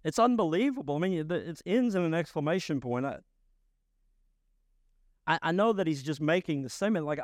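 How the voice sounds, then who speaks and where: A man preaching a sermon as pastor, emphatic and rising to loud bursts. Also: fairly high pitch, animated, brisk, long pauses, no echo, studio quality.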